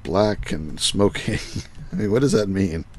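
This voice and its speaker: A man's voice: low-pitched, animated, a little slow, darkish tone. A man thinking aloud as he plays a game on a live stream, muttering to himself and greeting his viewers.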